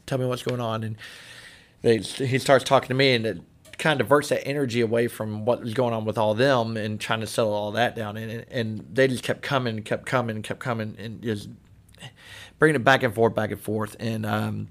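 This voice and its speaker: A man on a podcast, a guest telling stories in casual chat. He acts out the people in his stories in lively voices. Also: on the low side, a little fast. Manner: animated storyteller acting out quoted voices. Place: studio.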